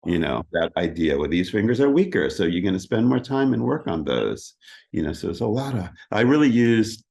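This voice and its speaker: A middle-aged man with a fairly low voice talks in an easy, chatty interview manner. He is animated and often breaks into sung "da da da" patterns to show a rhythm. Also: brisk, creaky. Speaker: interview guest, keyboardist. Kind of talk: casual interview chat.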